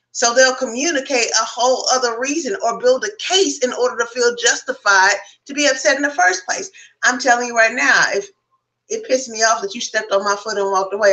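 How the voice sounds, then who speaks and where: Woman guest on a round table, frank and reflective, goes on at length, bright voice. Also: a little high, low-quality recording. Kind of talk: casual round-table chat.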